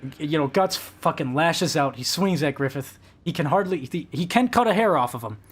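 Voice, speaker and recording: A man's voice: on the high side, lively intonation, normal speed, breathy edge. A young man streaming a game live, rambling and swearing as he vents to his chat. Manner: rambling, profane, emotional venting.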